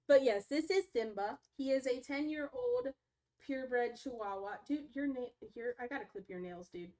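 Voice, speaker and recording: High-pitched young woman streaming from home, chatty, baby talks her dogs. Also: a little mellow. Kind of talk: casual live-stream chat.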